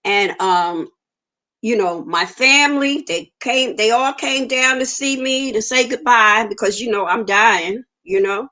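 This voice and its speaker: A woman's voice: on the high side, a little slow, bright, forceful tone. A woman, giving an earnest personal testimony in an interview and acting out the dialogue she quotes. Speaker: interview guest.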